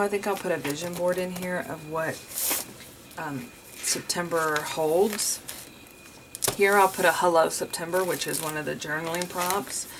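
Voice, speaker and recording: Chatty woman rambling over noisy room. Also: lowish voice. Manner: rambling, chatty, addresses viewers as you guys. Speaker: journaling vlogger. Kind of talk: casual chatty crafting tutorial.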